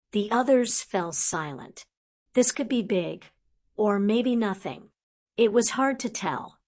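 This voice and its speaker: A woman narrating an audiobook in a steady, unhurried storytelling manner. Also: medium pitch. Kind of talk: scripted narration.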